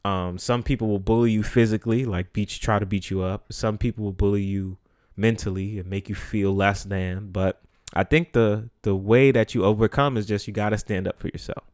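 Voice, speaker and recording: A man hosting a podcast, telling a personal story in a casual, animated way, acting out what people said and swearing freely. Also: lowish voice, fairly quick, no echo, clean studio sound. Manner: animated, profane, acts out quotes. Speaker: podcast host.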